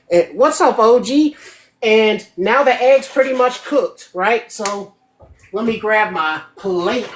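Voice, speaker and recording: A woman hosting a casual live cooking demo from her home kitchen, chatty and checking in with her viewers as she goes. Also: medium pitch. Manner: chatty, keeps checking in with 'right?'. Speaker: host of a home cooking show.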